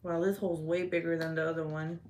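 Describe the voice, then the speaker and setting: A woman's voice: sits low, level tone, quick pace, darkish tone. A woman hosting a casual livestream chat, laughing often and swearing freely as she reacts to comments. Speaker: livestream host. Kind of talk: casual live-stream chat.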